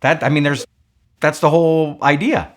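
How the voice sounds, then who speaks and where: A man's voice: on the high side, fairly even intonation, normal speed. An older man hosting a conversational interview, responding in an affirming way with frequent restarts. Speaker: podcast host.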